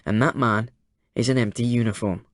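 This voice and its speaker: A calculating male detective chief inspector, read by a man. He speaks flatly and bluntly, giving nothing away, in an ordinary middle register. The audiobook sound is dry and close. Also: medium pitch, moderate pace, no room sound, lightly acted. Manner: deadpan, blunt. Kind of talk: audiobook character voice.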